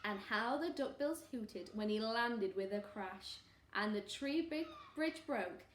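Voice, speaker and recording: A woman teacher reading a storybook aloud to children in an expressive, animated way. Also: a little high, slow pace. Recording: roomy echo.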